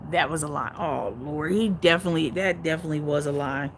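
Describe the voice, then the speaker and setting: A woman hosting a casual livestream, reading viewer comments aloud and reacting to them bluntly, with heavy swearing, swinging between low muttering and loud outbursts. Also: fast, slight background noise, low-quality recording.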